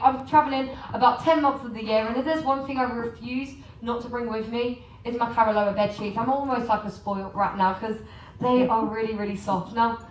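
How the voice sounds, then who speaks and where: A woman's voice: a little high, echoey room, far from the mic, slight background noise, low-quality recording. An English woman giving a joking, chatty sales talk about shopping to a live audience, often asking the crowd questions. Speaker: cruise port shopping presenter. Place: large room on a cruise ship.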